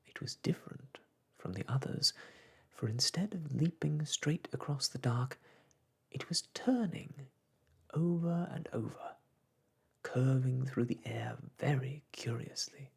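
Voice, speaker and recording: A man reads a bedtime story as a whispered role-play, slow and soft. His whisper is husky and breathy with a gravelly edge, and it rises and falls with a lively lilt. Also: medium pitch.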